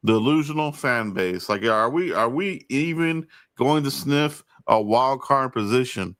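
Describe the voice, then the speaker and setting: A man's voice: mid-range voice, expressive, measured pace, few pauses, a bit bright, dry recording, clean studio sound. A man hosting a casual sports podcast, loose and chatty, laughing often and restarting his sentences. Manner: loose, laughing, stammering restarts, hype asides. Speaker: podcast host.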